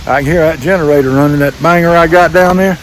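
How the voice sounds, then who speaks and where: An older man with a drawl narrates his own hike outdoors, breathing a little hard as he climbs. His voice sits a bit high for a man, and he rambles on in a relaxed, folksy way. A faint hiss of outdoor air hangs behind him. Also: fast, low-quality recording. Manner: folksy, rambling, talks to himself while walking. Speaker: RV vlogger. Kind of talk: casual hiking vlog narration. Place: wooded trail outdoors by a waterfall. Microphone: handheld camera while hiking.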